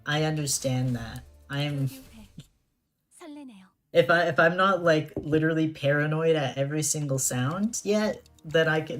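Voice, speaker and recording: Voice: medium pitch, fairly bright tone. Chatty streamer, laughing at chat. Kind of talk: live gameplay stream chat.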